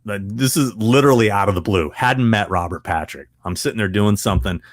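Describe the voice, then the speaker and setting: A man with a somewhat low voice, recorded dry and close with no room sound. He tells stories casually as a podcast guest. He acts out the dialogue in them and laughs along as he goes. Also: a little fast, no echo. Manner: animated storyteller who acts out quoted dialogue; laughs often while telling stories. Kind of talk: casual anecdote storytelling.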